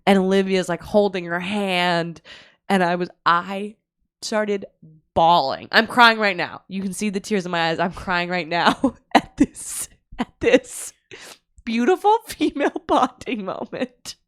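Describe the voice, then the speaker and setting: A woman's voice: medium pitch, lively intonation, a little slow, clean tone, dry recording, studio quality. A woman co-hosting a comedy podcast, telling a story animatedly and laughing often, acting out quotes. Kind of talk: comic storytelling. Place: apartment.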